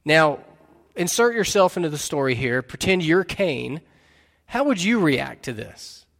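Male pastor, earnest, keeps questioning the congregation; a touch high-pitched, recorded in a large echoing sanctuary. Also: sing-song, unhurried, vocal fry, a bit bright. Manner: earnest, asks listeners questions again and again. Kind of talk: sermon. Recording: long reverb of a large hall.

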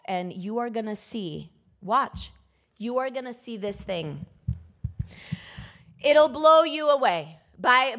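A woman preacher giving an emphatic sermon, breaking into bursts of loud exhortation. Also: medium pitch.

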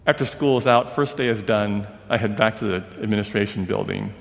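A man telling a story in a sermon, acting out the people he quotes and dropping to a hush at emotional moments. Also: lowish voice, fairly quick, vocal fry. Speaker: preacher. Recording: long reverb of a large hall.

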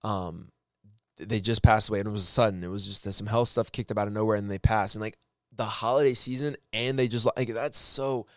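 In clean, echo-free studio sound, a man with a fairly low voice tells his viewers a personal story in a casual, heartfelt way. He rambles, often restarting and correcting himself, while staying earnest and encouraging.

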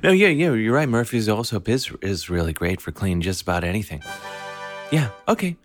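A man voicing a frantic middle-aged mother in a high, shrieking falsetto. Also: big pitch swings, a little fast, dry recording, clean studio sound, soft background music. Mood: relieved.

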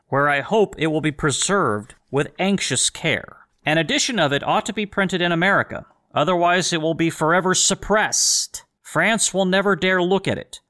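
A man hosting a solo commentary show, reading historical quotations slowly and answering them with sarcastic rhetorical questions. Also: a little high, a bit bright. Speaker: podcast host.

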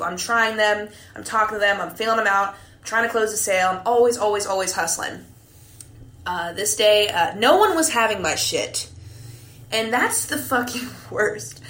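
A young woman hosting a podcast, telling a story in a candid, profane, animated way, a few drinks in. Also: medium pitch, roomy sound. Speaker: podcast host. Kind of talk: casual monologue.

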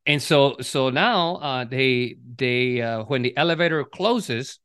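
Bright-voiced man musing aloud. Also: medium pitch, slow, smooth, no room sound, clean studio sound. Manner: reflective, restarts and repeats words. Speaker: podcast co-host. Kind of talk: casual conversation.

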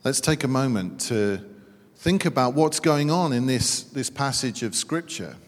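British male preacher, mid voice, sermon in a reverberant church hall. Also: medium pitch. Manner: reads scripture slowly, then talks with lively humorous asides.

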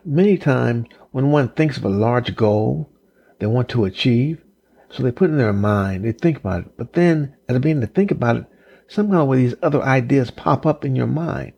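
A man giving a slow, deliberate motivational talk, counting off numbered points with emphasis. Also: medium pitch, expressive, vocal fry, a little mellow, breathy edge, highs cut off. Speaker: motivational speaker.

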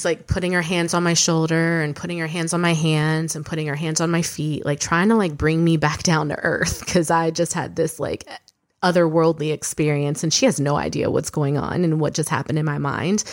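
A woman's voice: deep voice, steady tone, fairly quick. A woman in her thirties, a podcast co-host, telling a candid personal story in a chatty way, with lots of fillers and casual swearing.

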